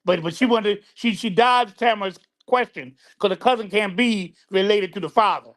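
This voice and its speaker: A man's voice: sits high, normal speed, a bit bright. A man on a casual talk show, stammering and repeating words as he explains things.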